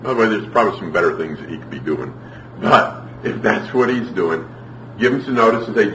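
A man's voice: fairly low pitch, sing-song, brisk, a bit bright. A man teaching an audience about parenting, telling stories, asking the room questions and acting out little scenes. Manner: storytelling, asks the audience questions, acts out scenes. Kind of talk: preaching to a live audience. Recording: roomy hall, mic at a distance, faint noise.

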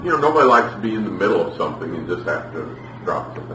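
A man's voice: low-pitched, big pitch swings, quick pace. A man teaching an audience about parenting, telling stories, asking the room questions and acting out little scenes. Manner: storytelling, asks the audience questions, acts out scenes. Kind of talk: preaching to a live audience. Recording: roomy hall, mic at a distance, faint noise.

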